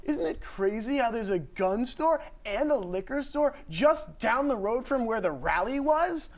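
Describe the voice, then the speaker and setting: A young man in a student comedy sketch putting on a boisterous pirate voice, growling "arr" and shouting pirate slang. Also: very high-pitched, lively intonation, a little slow, full character voice. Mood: rowdy teaching. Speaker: co-host.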